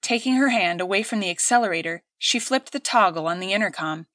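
A woman reading an audiobook aloud in steady, clear scripted narration. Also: mid-range voice, a little fast, dry recording, studio quality.

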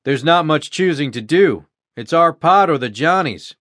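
Man playing a calm Union captain. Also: on the high side, moderate pace, no room sound, clean studio sound. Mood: matter-of-fact.

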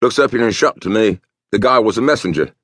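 A man's voice: lowish voice, animated, fast, a bit bright, slightly rough, dry recording, voice pushed up. Brief: blunt junior detective, sure of himself, read by a male narrator, dry sound. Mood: firm. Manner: firm. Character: gaunt male detective in his thirties.

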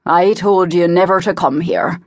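A woman's voice: on the low side, steady tone, a little slow, a little mellow, no echo. A woman reading an angry nobleman who snaps curt commands at hired men. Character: angry scheming nobleman, middle-aged man.

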